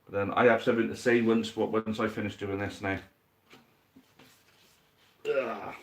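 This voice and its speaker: Excitable man calling a dice match. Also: lowish voice, measured pace. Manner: excitable commentary, rising at big moments, addressing viewers as mate. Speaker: host commentating a dice football game on a stream. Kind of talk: live game commentary and chat to viewers.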